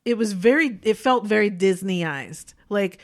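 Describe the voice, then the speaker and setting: A woman co-hosting a podcast in casual chat, animated and opinionated, often laughing as she talks. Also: medium pitch, measured pace. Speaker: podcast co-host.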